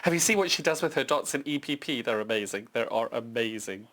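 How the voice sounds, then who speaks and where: A young woman from the UK hosts a live television shopping demo in an excited, gushing way. She gasps and exclaims as she unwraps and shows off each item. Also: extremely low pitch, brisk. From United Kingdom. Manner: gushing, breathless with excitement, gasping. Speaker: shopping channel presenter.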